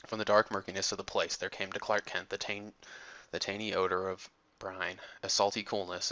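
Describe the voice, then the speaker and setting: Deep gravelly man narrating an audiobook. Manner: measured, steady storytelling. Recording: dull lo-fi recording.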